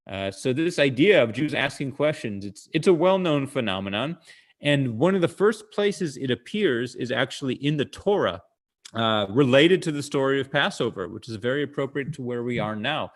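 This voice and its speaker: A male comedian telling jokes and stories in a chatty way over a video call, often pausing to explain the punchline and using plenty of "uh" fillers. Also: medium pitch, expressive. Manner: acts out characters' lines in quoted voices. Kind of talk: comic storytelling talk.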